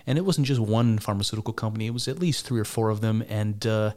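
A man's voice: fairly low pitch, fast, darkish tone. A man giving casual spoken commentary on clips, argumentative and wry, with frequent restarts and mock laughter.

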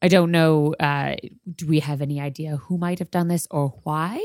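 A woman's voice: low-pitched, steady tone, normal speed, a little mellow, no echo. Playful woman player, dry sound. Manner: confident, playful, laughs often. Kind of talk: tabletop game role-play.

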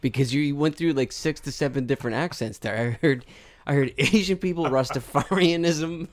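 A man hosting a casual podcast, laughing often and slipping into slow, drawn-out announcer delivery for improvised ads. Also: on the high side. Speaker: podcast host.

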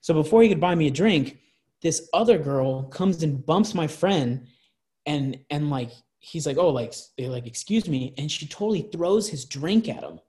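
A man's voice: fairly high pitch, expressive, normal speed, dark tone, breathy edge. A man in his twenties telling party stories in casual chat, rambling with lots of restarts and swearing. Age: 20s. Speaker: guest.

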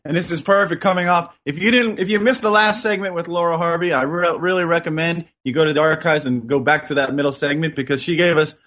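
A man's voice: fairly high pitch, fairly even intonation, fast talker, few pauses, fairly bright tone. Man co-host reading aloud, earnest. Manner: earnest, reads passages and jokes aloud. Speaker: podcast co-host. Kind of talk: casual chat, reading aloud.

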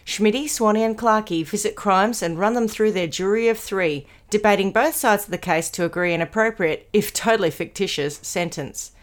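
A woman co-hosting a podcast, chatty and relaxed, still recovering from an illness. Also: mid-range voice, normal speed, few pauses. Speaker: podcast co-host. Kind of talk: casual podcast chat. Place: home room padded with soft furnishings.

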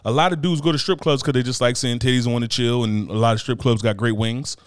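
A man's voice: mid-range voice, fairly even intonation, quick pace, smooth, no echo, clean studio sound. A man on a casual podcast chat, talking bluntly and with lots of profanity, often checking in with "you know what I mean". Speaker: podcast co-host.

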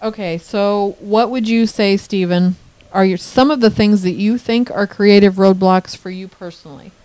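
A middle-aged woman co-hosting a casual podcast, animated and quick to laugh. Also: mid-range voice, no echo. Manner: animated, laughs often, acts out her own thoughts. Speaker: podcast co-host. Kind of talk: casual chat.

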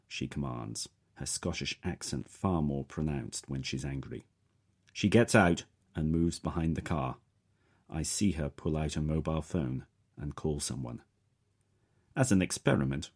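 A man narrating a first-person story in a steady, measured way. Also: extremely low pitch, slightly rough. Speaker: audiobook narrator.

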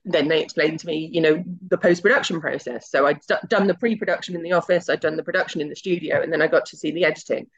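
Chatty woman with gravelly fry. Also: sits low, fast talker, hardly any pauses. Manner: chatty and anecdotal, acts out quoted dialogue. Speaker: guest, television executive. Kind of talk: casual interview storytelling. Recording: slightly muffled lo-fi audio.

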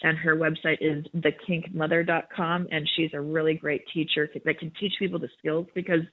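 A woman's voice: deep voice, flat delivery, a little fast. A woman in her thirties, a guest and educator, explaining things in a frank, upbeat way over the phone. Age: 30s. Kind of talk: phone interview. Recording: tinny phone line.

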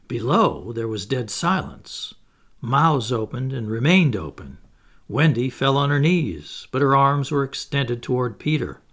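A man narrating a classic storybook in a measured, expressive reading. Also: mid-range voice. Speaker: audiobook narrator.

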